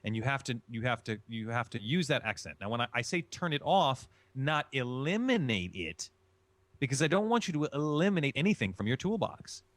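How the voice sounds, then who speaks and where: A man's voice: medium pitch, big pitch swings, fairly quick, fairly bright tone, dry recording. A man from Chicago, a guest in an interview, explaining voice acting in an emphatic way and repeating his key phrases. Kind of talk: instructive interview answers.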